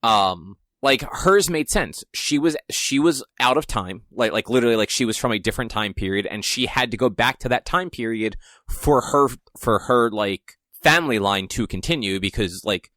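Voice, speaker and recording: A young man co-hosts a casual podcast, rambling along and pausing to search for words with frequent ums. His medium-pitched voice is recorded dry, with almost no room sound. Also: expressive, pushed and bright, dry recording. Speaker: podcast co-host. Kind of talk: casual chat.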